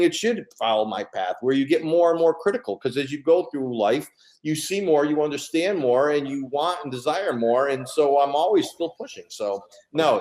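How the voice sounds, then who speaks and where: A middle-aged man speaks earnestly and steadily, stopping often to search for words. His voice carries a noticeable room echo from the shop space. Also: mid-range voice. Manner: earnest, steady, many fillers. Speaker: comics artist, guest. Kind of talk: casual chat at a live event. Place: comic shop event room.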